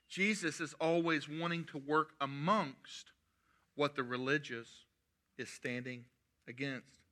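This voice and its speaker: A man preaching a sermon, animated and mixing in humorous asides. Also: a little high. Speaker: pastor.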